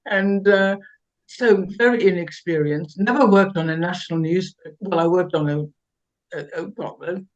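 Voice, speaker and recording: An older woman from South Africa, a guest telling lively, self-mocking stories with laughs and many restarts. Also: lowish voice, moderate pace, muffled recording. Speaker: interview guest. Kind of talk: anecdotal storytelling interview.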